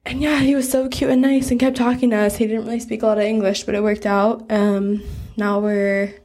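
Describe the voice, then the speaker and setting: A woman's voice: fairly high pitch, flat delivery, brisk, darkish tone. A woman of twenty-three with an American accent, co-hosting a podcast in casual chat from a hotel bathroom. She is chatty and giggly, and she rambles through her stories. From United States. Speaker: podcast co-host. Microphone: portable travel mic.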